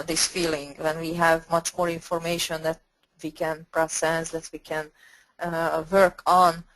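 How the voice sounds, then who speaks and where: A woman with a flu-hoarse voice giving a webinar presentation, clearing her throat often and pausing to restart phrases. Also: on the low side, rough recording. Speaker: guest speaker.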